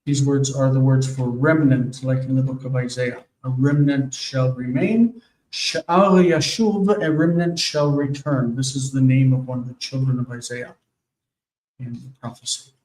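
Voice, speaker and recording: A man teaching a Hebrew grammar lesson, explaining forms slowly and patiently and checking in with "okay?" as he goes. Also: medium pitch, steady tone, mellow, slight background noise. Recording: echoey room, far from mic.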